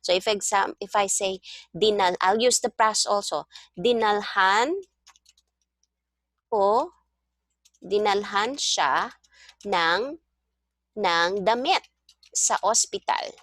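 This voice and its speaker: A woman's voice: medium pitch, slow, long pauses, fairly bright tone. A woman teaching a one-on-one language lesson over a video call, explaining patiently step by step. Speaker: language tutor.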